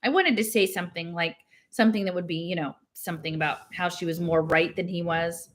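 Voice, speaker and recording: A woman reading a novel aloud, lifting her pitch and voice for the characters' lines. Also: brisk. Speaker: reader.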